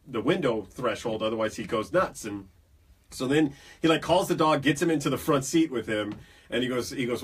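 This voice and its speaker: A man hosts a casual podcast, spinning jokey stories with plenty of energy. His voice is husky. It sounds a bit distant from the microphone. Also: mid-range voice, brisk. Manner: animated storyteller, jokey. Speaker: podcast host. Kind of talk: casual chat.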